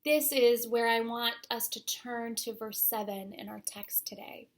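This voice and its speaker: A young adult woman pastor giving a sermon, speaking slowly and deliberately and letting her phrases fade to a near-whisper. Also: fairly high pitch, fairly even intonation. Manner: slow, deliberate delivery that trails off to a near-whisper at phrase ends.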